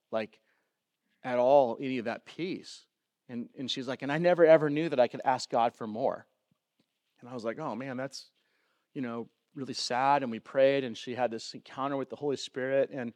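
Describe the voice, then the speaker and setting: A man's voice: mid-range voice, no room sound, studio quality. A man preaching a sermon as pastor in a loose, conversational way, full of fillers and questions to the room.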